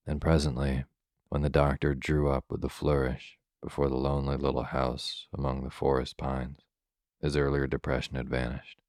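Very deep, flat-voiced man reading a bedtime story. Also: normal speed, no echo, studio quality. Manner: calm, even storybook reading for sleep. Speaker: narrator.

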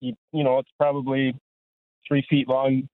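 A man's voice: mid-range voice, monotone, no room sound. Male caller, hesitant with lots of fillers, tinny phone sound, dry. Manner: halting, with many fillers. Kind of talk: casual storytelling.

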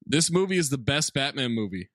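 Animated, mocking male podcast host. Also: mid-range voice, fairly quick, dry recording, studio quality. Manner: animated, mocking, swears freely. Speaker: podcast host reading reviews. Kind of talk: casual comedic chat.

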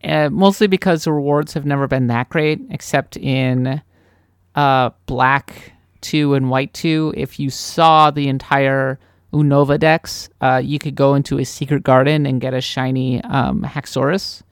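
Woman from the Midwest, podcast co-host, clear crisp voice, dry sound, enthusiastic chatter. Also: a bass voice, fairly even intonation, measured pace, dry recording. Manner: chatty, enthusiastic, self-deprecating. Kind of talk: casual podcast chat.

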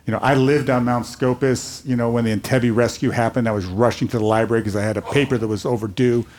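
A man's voice: mid-range voice, fast talker. An older man, a rabbi, speaking earnestly and telling stories on a panel before a live audience. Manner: earnest storytelling, animated quotes.

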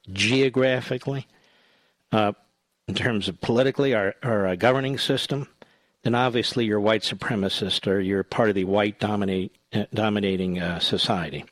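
A man hosting a call-in radio talk show, combative and jokey, working himself up to loud outrage. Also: fairly low pitch, dry recording. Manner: joking, self-mocking banter.

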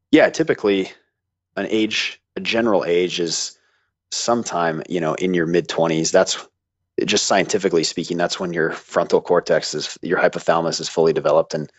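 Very low-voiced man explaining at ease. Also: dry recording, dull audio. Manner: thoughtful, hedging, with dry jokes. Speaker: guest, seminary graduate. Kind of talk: casual conversational explanation.

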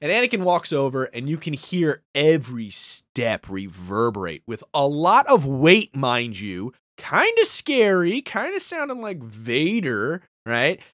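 A man co-hosting a podcast in casual, excitable recap talk that swears freely. His voice rises and falls a lot, and the sound is dry and close. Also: fairly high pitch, unhurried, few pauses, no echo. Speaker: podcast co-host.

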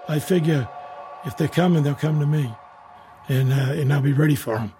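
A man telling a first-person ghost story in a rambling, halting way, full of restarts and repeated words. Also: fairly high pitch, dark tone, slight background noise.

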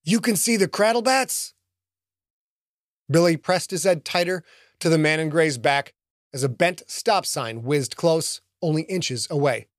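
A man narrating an action audiobook in an expressive storytelling manner. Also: on the high side, measured pace, no room sound, studio quality.

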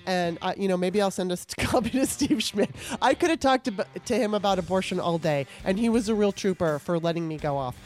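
A woman's voice: fairly low pitch, fast, few pauses, a little mellow, faint music behind. A woman podcast host and author, wrapping up an interview and talking to her listeners in a chatty, earnest way. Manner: chatty, earnest, laughs often. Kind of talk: casual interview and solo wrap-up.

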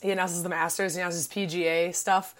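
A woman in her twenties from Illinois, co-hosting a casual podcast and talking in an excitable, gushing way with lots of "like" fillers. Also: on the low side, fairly quick. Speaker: podcast co-host.

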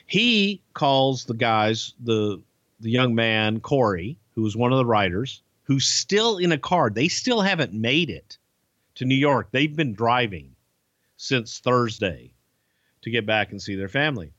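Man, podcast storyteller, profane, animated, mid pitch, muffled lo-fi sound. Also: unhurried, dry recording. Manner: profane, animated anecdote-telling. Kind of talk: casual storytelling. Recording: dull lo-fi podcast audio.

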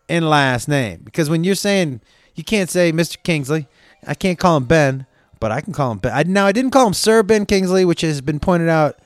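A man's voice: fairly high pitch, clear, resonant tone, dry recording. A man hosting his show, telling a long casual story with lots of swearing, asides and self-corrections. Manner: rambling, profane, self-correcting.

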